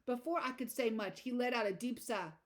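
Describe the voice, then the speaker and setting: A woman narrating a first-person audiobook in a measured, plain delivery. Her voice sits a little high for a woman.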